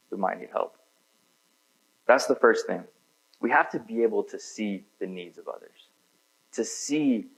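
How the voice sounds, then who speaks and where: A man with a fairly low voice preaches a sermon in a church, chatting casually rather than declaiming. His talk is loose and peppered with fillers. The recording sounds dull and lo-fi. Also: husky. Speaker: pastor.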